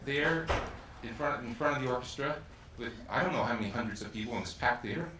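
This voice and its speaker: A man's voice: mid-range voice, fast, bright, forceful tone, slight background noise. A man telling a chatty, self-deprecating anecdote to a live audience from a theater stage. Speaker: stage performer at an event. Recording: roomy hall, distant mic, music behind.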